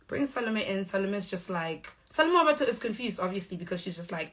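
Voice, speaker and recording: A young woman with a South African accent, giving a measured, firm statement straight to the camera. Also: medium pitch, expressive, fairly bright tone. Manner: measured, firm, acts out quoted exchanges. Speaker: reality show cast member.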